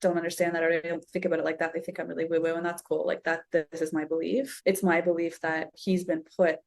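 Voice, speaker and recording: A woman's voice: lowish voice, little pitch movement, fast, vocal fry, no echo. A woman from Canada, a podcast guest, talking in an earnest, emphatic way in casual chat.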